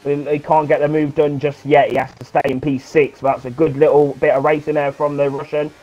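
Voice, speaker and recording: A man co-commentating a sim race, chatty and giggly, getting excited when cars battle. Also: on the high side, fairly quick, lo-fi sound.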